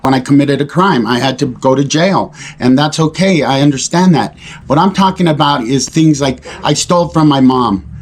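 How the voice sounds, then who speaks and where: A man speaking earnestly and reflectively to camera in a confessional talk, pausing and restarting often. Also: medium pitch. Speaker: recovery vlogger.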